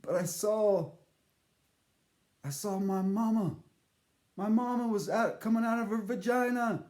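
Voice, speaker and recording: A man telling a comic story to camera in a rambling, halting, deadpan way. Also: sits high, roomy sound.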